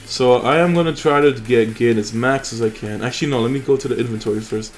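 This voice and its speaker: A man's voice: mid-range voice, fast talker, soft background music. A young man hosting a mobile game channel, chatting casually and rambling with fillers and restarts over his gameplay.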